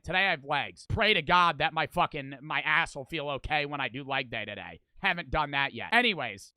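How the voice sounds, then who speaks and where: A young man telling a crude story in casual, profane, animated fashion. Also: high-pitched, dry recording. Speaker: streamer.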